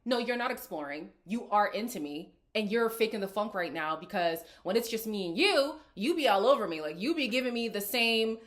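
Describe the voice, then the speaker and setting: Brisk and expressive, with few pauses, this mid-range female voice belongs to a reality TV recap host. She talks directly to viewers with sass and frequent laughter, giving casual reactions.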